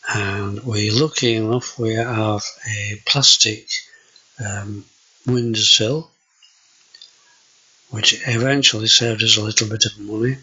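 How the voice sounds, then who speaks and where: Slow older Yorkshire man, husky. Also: on the low side, fairly even intonation, bright, forceful tone, rough recording. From Yorkshire, England. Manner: slow, hesitant, with many fillers. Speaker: vlogger. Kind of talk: casual home video walkthrough.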